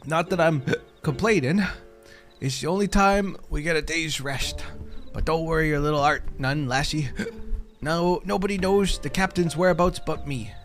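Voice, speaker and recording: A man voicing a boastful, drunken male pirate bodyguard with a gruff, slurred brogue, over faint game music. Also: a little high, normal speed, fairly bright tone, natural voice.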